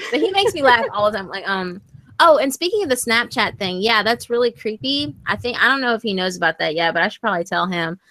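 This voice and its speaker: A woman with a slight Southern accent, chatting as an interview guest, animated and swearing freely. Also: medium pitch, fairly quick. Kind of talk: casual video chat.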